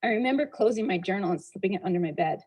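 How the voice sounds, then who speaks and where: A woman's voice: medium pitch, expressive, very fast, darkish tone, slightly rough, low-quality recording. A woman giving a motivational talk as a storyteller, acting out dialogue and asking the audience rhetorical questions. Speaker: motivational speaker.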